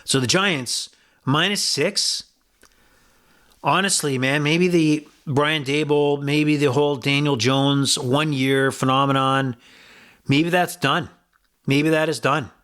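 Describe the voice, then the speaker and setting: A man's voice: fairly high pitch, fairly even intonation, slow, fairly bright tone. A man hosting a sports betting podcast, giving blunt, rambling picks with profanity and frequent restarts. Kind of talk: casual sports betting talk.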